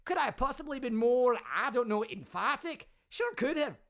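A man's voice: very high-pitched, animated, normal speed, creaky, a bit bright, exaggerated voice. A man voicing a brash, rambling Scottish patriot man in a kilt, boastful and self-contradicting, with a Scottish accent, as a comedy podcast character bit. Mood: blustering.

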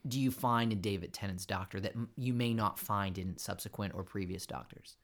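A man's voice: fairly low pitch, brisk, fairly bright tone. A man hosting a casual podcast interview, playful and asking long rambling questions. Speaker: podcast host.

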